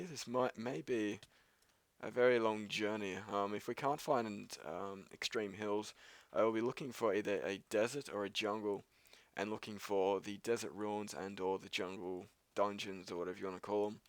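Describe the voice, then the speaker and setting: Dude doing let's play commentary, kinda low voice, rambles and swears a bunch, lots of ums, dry sound. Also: male voice, no echo. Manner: rambling and self-mocking, swears casually, many ums. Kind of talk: gameplay commentary.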